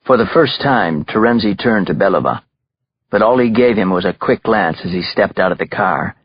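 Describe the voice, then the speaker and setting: A man reading a thriller audiobook aloud in a measured, even scripted narration. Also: lowish voice, muffled recording, a little hiss or hum.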